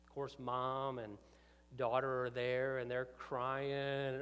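A male pastor telling a personal story in a sermon, often dropping to hushed tones and rising to urgent appeals. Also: mid-range voice, flat delivery, takes it slowly, clear, resonant tone. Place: church sanctuary with long reverb. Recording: reverberant church hall.

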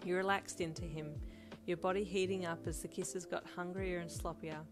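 A woman narrating a second-person fan fiction audiobook in a steady storytelling read. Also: lowish voice, moderate pace. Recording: loud music bed under voice.

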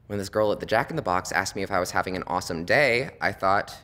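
A young man, an acting student, delivering a theatrical monologue with wry, deadpan storytelling that swings suddenly in emotion. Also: mid-range voice, fast talker, few pauses. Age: young adult.

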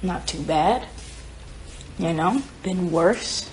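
Speaking extremely slowly in a lowish voice, a young woman livestreams from home, where she sings. She rambles loosely, swears freely, and reads viewer comments aloud, recorded indoors on a phone with slight background noise.

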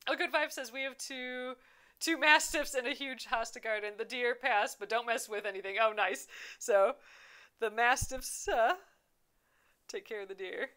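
A woman's voice: a little high, moderate pace, bright, forceful tone, clean tone. A young adult woman hosting a casual craft livestream, chatting and reading viewer comments aloud with frequent laughs. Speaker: embroidery livestream host.

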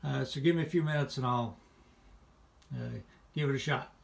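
A man's voice: medium pitch, moderate pace. A man casually talking through a hobby build at home, thinking aloud with plenty of filler words, recorded on a phone camera. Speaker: model railroad hobbyist. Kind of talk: casual how-to narration. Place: home, kitchen table area. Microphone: phone camera, sometimes on tripod. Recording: roomy and distant phone audio with clear noise.

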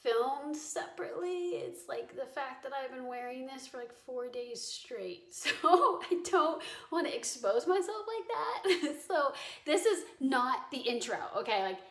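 A woman's voice: high-pitched, lively intonation, measured pace, rough recording. A young woman vlogging at home, chatting casually and confessionally, laughing often and filling her talk with "like". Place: home during quarantine.

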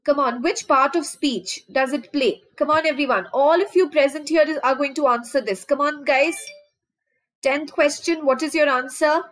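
A woman's voice: high voice, a bit bright, low-quality recording. A woman teacher with an Indian accent running a live online vocabulary lesson, mixing Hindi and English and keeps asking her students for answers. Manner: drawn-out fillers while thinking. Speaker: online exam-prep teacher.

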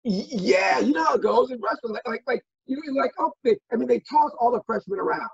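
A middle-aged man from Minnesota telling stories as an interview guest, animated and full of restarts and fillers. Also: very high voice, fairly quick, gravelly, slightly rough. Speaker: guest, former football player. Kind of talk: casual interview storytelling. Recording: dull lo-fi audio.

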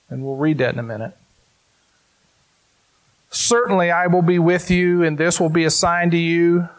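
A man preaching a sermon in church, reading scripture aloud in an emphatic way and talking directly to the congregation. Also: on the high side. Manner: slow, emphatic, talks to the congregation. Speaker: pastor.

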